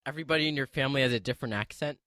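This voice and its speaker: Male podcast host, mid-pitched, dry close sound, rambling and restart-prone. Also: sharp tone, no room sound. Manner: halting, with many restarts and laughs. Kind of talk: casual podcast interview.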